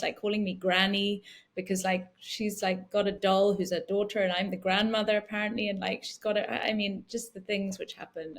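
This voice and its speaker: A woman in her forties, a guest in an interview, speaking in a soft, reflective way with many "you know" fillers. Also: mid-range voice. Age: 40s. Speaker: guest, founder. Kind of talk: casual interview talk.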